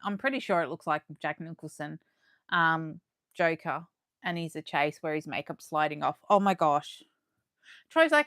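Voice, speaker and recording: A young adult Australian woman hosting a live unboxing, chatting warmly and gushing as she reads comments aloud. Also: low-pitched, lively intonation, unhurried, dry recording, studio quality. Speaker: livestream host.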